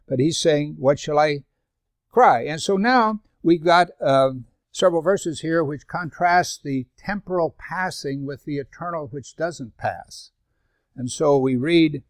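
A man's voice: a little high, a little slow, dry recording, clean studio sound. Older man teaching a Bible study. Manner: reads scripture aloud, conversational asides. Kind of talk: sermon-style Bible study.

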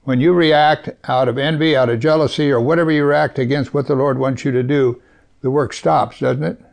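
A male preacher walks a congregation through scripture in an easy, talky way, pausing to ask questions of his listeners. His voice sits mid-range with a gravelly, fry-tinged edge. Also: mid-range voice, fairly even intonation. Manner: conversational Bible teaching with rhetorical questions and chuckles. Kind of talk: sermon.

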